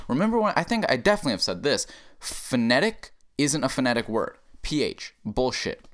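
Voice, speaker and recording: A young man from Texas, hosting a comedic podcast, ranting in a profane, animated way with sudden jumps in pitch. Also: a little fast. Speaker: podcast host. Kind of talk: comedic rant.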